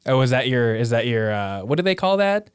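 A man's voice: mid-range voice, sing-song, a little fast, clean tone, no echo, studio quality. A young man in casual chat, easygoing and teasing, often laughing.

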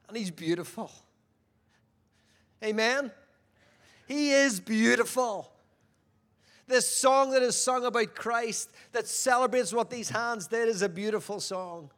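A man preaching a sermon who keeps asking the audience questions and moves between loud emphasis and quiet, reflective stretches. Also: very high-pitched, slow, long pauses.

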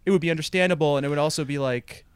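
A man's voice: on the high side, racing, smooth. A man co-hosting a podcast, telling a long wry anecdote in a casual, rambling way, full of "like" and restarts. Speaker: podcast co-host.

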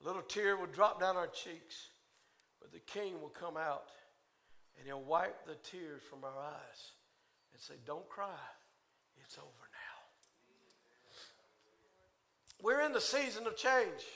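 A male preacher delivering a sermon in a rhythmic cadence, swinging from hushed tones to shouting. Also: high voice, expressive, unhurried. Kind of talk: Pentecostal-style sermon.

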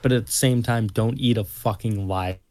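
Male guest co-host, wry rambling profane banter, lowish voice, dry close sound. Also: steady tone, normal speed, darkish tone, dry recording. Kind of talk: casual podcast banter.

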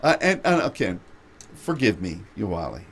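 Animated man telling a travel story. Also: fairly low pitch, normal speed, breathy edge. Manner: animated anecdote with frequent laughter. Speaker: radio show host. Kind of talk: storytelling chat.

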